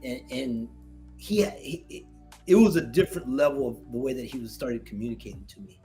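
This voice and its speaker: A Marine veteran telling a story in a casual interview, slangy and animated, acting out what people said to him. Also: male voice, medium pitch, fairly quick, soft background music. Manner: animated retelling, slangy, acts out quoted dialogue.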